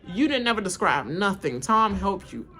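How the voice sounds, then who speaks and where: This woman streams live reactions to a reality show, ranting bluntly, laughing frequently, and imitating cast members with exaggerated voices. Her mid-range voice is bright and sing-song with a forceful edge, moving at a normal speed.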